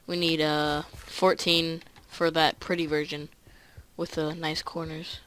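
A let's play gamer chatting casually and excitably through each move of the game. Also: medium pitch, slow, clear, resonant tone, no room sound. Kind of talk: casual gameplay commentary.

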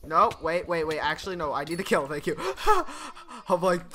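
A man streaming gameplay, chatting casually, getting excited and laughing often. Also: a little high, normal speed. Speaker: gaming streamer. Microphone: desk microphone.

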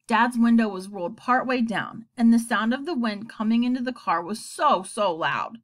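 Here a woman brings a children's book to life with expressive narration, her voice pitched fairly high and her pace normal.

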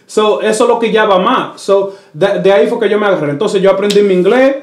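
A man's voice: high voice, quick pace, echoey room. A Dominican-born comedian chatting casually in an interview, switching between English and Spanish and putting on voices as he tells stories. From Dominican Republic. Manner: animated, puts on voices while telling stories. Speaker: comedian guest.

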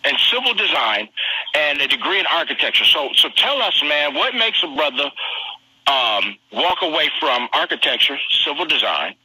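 A man hosting a live streamed interview, talking in an energetic, slangy hype style and repeating himself a lot. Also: a little high, normal speed, breathy edge, no echo, poor audio. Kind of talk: hyped casual live interview.

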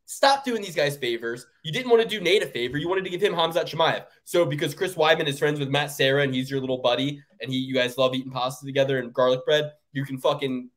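A man co-hosting a fight-betting show in loose, profane chat. He rants with big swings in pitch and drops his voice low when he trails off. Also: fast, hardly any pauses. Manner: animated, profane ranting with big pitch jumps. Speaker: podcast co-host. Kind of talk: casual sports betting chat.

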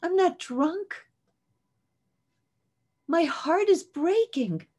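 A woman's voice: extremely high pitch, expressive, drawn-out words, dark tone, pitched above the performer's own voice, exaggerated voice. A woman voicing a grieving childless woman from scripture, speaking with earnest, heartfelt pleading.

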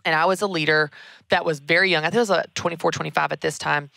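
Emphatic woman with a gravelly low voice. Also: very fast, dry recording. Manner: energetic, emphatic, repeats key words. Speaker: podcast host answering a listener question. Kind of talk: casual advice talk.

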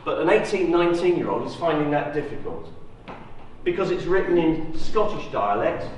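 Male guest lecturer, lively, quizzing the room, faint ambience. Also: fairly high pitch, normal speed, a little hiss or hum. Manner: lively, rhetorical questions to the audience. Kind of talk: university lecture. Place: lecture hall. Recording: roomy echo, distant mic.

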